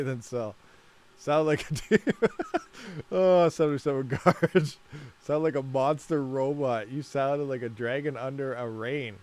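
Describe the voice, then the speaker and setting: Laughing, rambling livestream guy. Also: medium pitch. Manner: rambling, laughs a lot, mutters while fiddling. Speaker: mining livestream host. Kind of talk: casual livestream chat.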